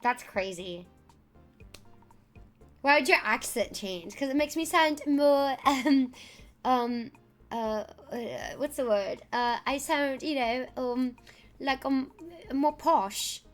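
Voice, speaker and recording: A woman's voice: high-pitched, takes it slowly, soft background music. A young woman streamer chatting and joking as she reacts live, with frequent fillers.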